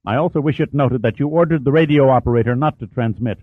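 A man's voice: mid-range voice, fast talker, dry recording, lightly acted. A man reading an audiobook and voicing a stubborn, dutiful male ship's officer who firmly stands up to his captain. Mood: insistent. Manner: firm, insistent, protesting. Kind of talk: audiobook character voice. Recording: tinny phone-like sound.

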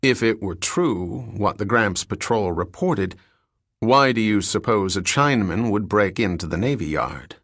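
A man playing a courteous, measured detective. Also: fairly low pitch, expressive, fairly bright tone, no echo, clean studio sound. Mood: polite. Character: polite, skeptical male detective.

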